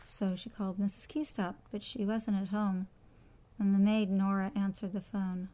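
A woman reading a children's storybook aloud. Her delivery is expressive and practiced. The pitch sits in a middle range, with a storyteller's lilt. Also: normal speed.

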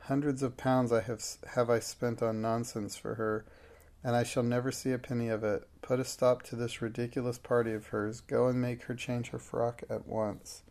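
A man's voice: mid-range voice, flat delivery, normal speed, a little mellow, close to an everyday voice. A man reading the part of a furious, haughty middle-aged schoolmistress in a fierce, bitter manner.

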